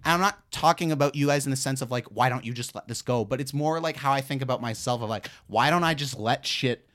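A young man co-hosting a casual podcast, reflecting out loud in hesitant, searching phrases. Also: mid-range voice, fast talker. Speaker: podcast co-host. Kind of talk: casual chat.

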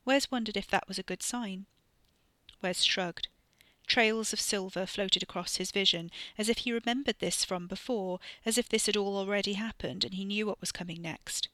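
A woman narrating a novel in a measured, even way. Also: mid-range voice, no room sound. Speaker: audiobook narrator. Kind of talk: scripted narration.

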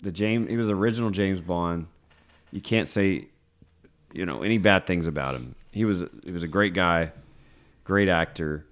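Deep-voiced male podcast host. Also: normal speed. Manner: laid-back, repeats and trails off. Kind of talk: casual chat.

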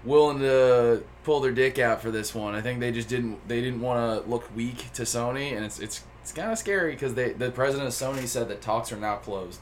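A man co-hosting a podcast in casual chat, loud and profane, with lots of jokes. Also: mid-range voice, moderate pace, few pauses, a little hiss or hum. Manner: loud, profane, joking banter. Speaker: podcast co-host.

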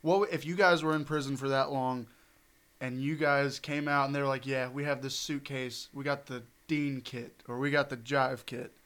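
A man's voice: medium pitch, fairly even intonation, moderate pace, a bit bright. A man hosting a podcast in a casual chat, who steers the topics and laughs often. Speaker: podcast host.

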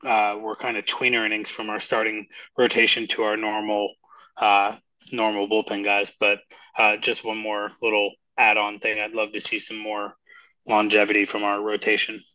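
A man co-hosting a sports podcast, giving measured opinions in casual chat. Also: lowish voice, monotone, bright, forceful tone, dry recording, poor audio. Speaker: podcast co-host.

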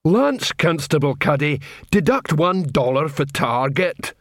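A man voicing a big, slow-witted male troll guard who speaks in halting broken sentences. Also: on the high side, big pitch swings, dry recording, clean studio sound. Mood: sheepish, blunt.

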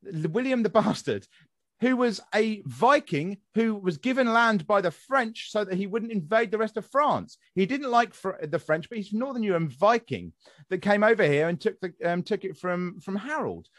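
A man's voice: high voice, sing-song, normal speed, fairly bright tone, no echo, studio quality. A young man hosting a casual podcast chat, ranting and swearing freely as he talks. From England. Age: young adult. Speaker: podcast host.

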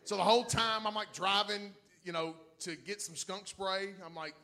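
A middle-aged man, a pastor telling a story to his church in an excitable way, laughing and swinging from quiet asides to loud shouts. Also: sits high, normal speed.

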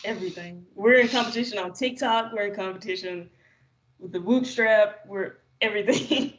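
A young adult podcast guest chatting casually, telling stories in a relaxed way with many fillers. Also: medium pitch, moderate pace, lo-fi sound. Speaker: podcast guest, jiu-jitsu practitioner.

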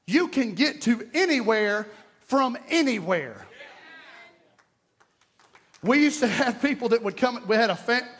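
A man's voice: very high voice, sing-song, unhurried, pauses often, fairly bright tone. A man with an East Texas accent preaching a sermon as pastor, emphatic and folksy, repeating key lines and telling jokes. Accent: Southern US, East Texas.

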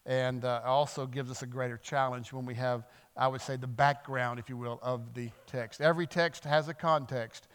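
A man preaching a sermon as pastor, animated, acting out the voices of the people in the text. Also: mid-range voice, clear, resonant tone, long reverb tail. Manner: animated, acts out quoted voices.

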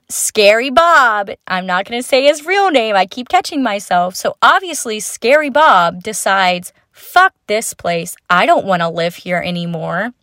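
A young woman hosts her own podcast and tells stories from her student days in an unscripted, chatty ramble. She swears freely, laughs at herself and breaks off into quick asides. The sound is dry and close, with almost no room echo. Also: mid-range voice. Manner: chatty, swearing, self-mocking, lively asides. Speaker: podcast host. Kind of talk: unscripted storytelling monologue.

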